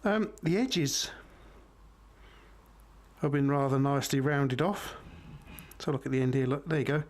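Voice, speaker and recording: A man's voice: mid-range voice, unhurried, darkish tone. A middle-aged man, chatting unhurriedly to viewers as he reviews a knife. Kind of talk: casual product review.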